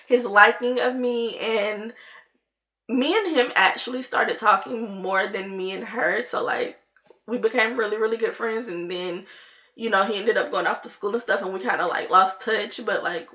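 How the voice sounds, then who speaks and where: A woman's voice: fairly high pitch, a bit bright. A young woman, chatting to viewers in a casual storytime vlog, full of "like" and "y'all". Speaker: vlogger.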